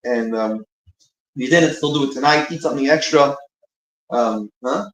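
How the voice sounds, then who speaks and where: In an echoey synagogue room, a man with a mid-range, slightly bright voice speaks at normal speed, giving a brief informal teaching between prayers. His talk rambles, and he often restarts while groping for words.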